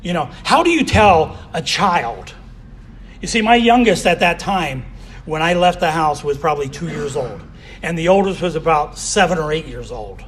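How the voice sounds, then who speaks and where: A man's voice: a little high, animated, moderate pace, a little hiss or hum. A man giving a candid personal recovery share as a convention speaker, often saying "you know".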